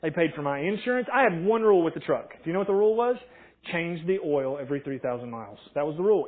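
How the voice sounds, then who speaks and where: A man preaching a conversational sermon, telling stories and acting out quotes in an animated way. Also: a little high, quick pace, phone-quality sound. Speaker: pastor.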